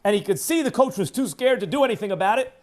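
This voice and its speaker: Fast and animated, a New York sports radio host rips through an opinionated monologue. He hectors his listeners emphatically, alternating loud declarations with low asides.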